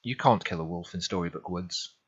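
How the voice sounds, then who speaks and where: Man playing old grandmother witch, stern, commanding, husky voice. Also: low voice, fairly quick, lo-fi sound. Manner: sharp, commanding.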